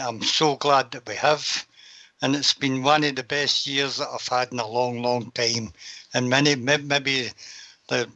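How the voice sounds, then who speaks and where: Older man, panel guest, heartfelt and rambling, bright-edged voice. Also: mid-range voice, no room sound, poor audio. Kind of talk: casual chat.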